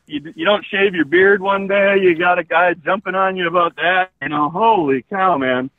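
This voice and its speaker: Casting note: folksy Wisconsin-accented man, slightly higher voice, dry and close, heard over a phone-like line. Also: normal speed, no room sound. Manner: folksy, easygoing, many fillers. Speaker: boot company spokesman. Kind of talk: casual interview chat.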